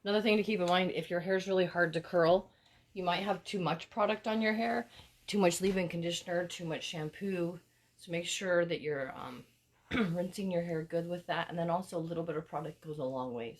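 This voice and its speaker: A woman with a somewhat low, raspy voice, hoarse from a cold, chimes in with practical hair tips. She talks plainly and casually, with small fillers between her points. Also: brisk. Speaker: co-host giving hair tips. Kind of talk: casual live chat.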